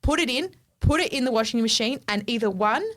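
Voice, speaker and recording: Animated woman telling a story. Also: a little high, fairly quick. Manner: animated, swears freely, acts out quotes. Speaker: podcast co-host. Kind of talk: casual chat, storytelling.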